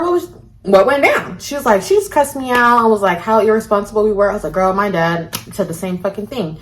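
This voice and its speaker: A woman with a mid-range voice tells a story in a casual storytime vlog, animated and profane, acting out every quote. There is slight background noise.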